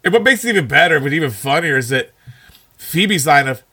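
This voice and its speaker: A man's voice: fairly high pitch, animated, brisk, bright, forceful tone, husky, no room sound, studio quality. A man co-hosting a casual podcast, talking with enthusiasm about a favorite sitcom episode and laughing often. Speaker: podcast co-host.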